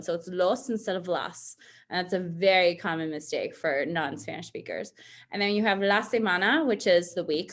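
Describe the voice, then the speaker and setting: Woman, relaxed lesson host, chatty, self-correcting. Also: medium pitch. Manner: chatty, self-correcting, reads word lists slowly. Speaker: Spanish teacher on a show. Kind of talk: casual language lesson.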